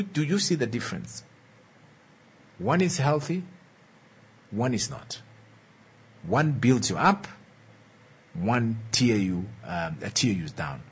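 A man's voice: medium pitch, breathy edge. A man giving an earnest motivational talk on relationships, repeating key lines and checking in with his listeners. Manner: earnest, coaxing, slow and emphatic. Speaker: relationship speaker.

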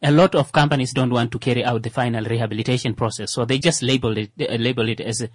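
A man's voice: medium pitch, steady tone, fast, dry recording. A man co-hosting a casual radio talk show, speaking hesitantly with many fillers and restarts. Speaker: co-host.

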